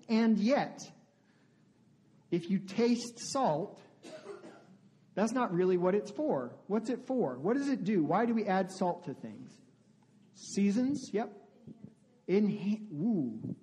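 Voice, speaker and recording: A man's voice: high voice, sing-song, slow pace, long pauses, mellow. A male pastor giving a conversational sermon, often asking the congregation questions. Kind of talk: interactive sermon.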